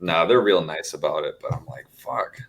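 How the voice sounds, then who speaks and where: A man's voice: low voice, fairly quick, background noise. An American man chatting as a podcast guest, easygoing, laughing often and swearing freely. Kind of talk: casual podcast chat.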